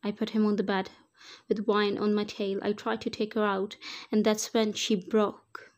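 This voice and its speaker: A woman narrating a first-person fan fiction story in an even, unhurried reading. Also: medium pitch.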